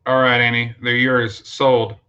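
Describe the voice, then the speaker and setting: A man's voice: mid-range voice, little pitch movement, a little slow, bright, forceful tone, clear, resonant tone, dull audio. A man hosting a casual late-night livestream, chatting with viewers and thanking them, with lots of fillers and restarts. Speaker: livestream host.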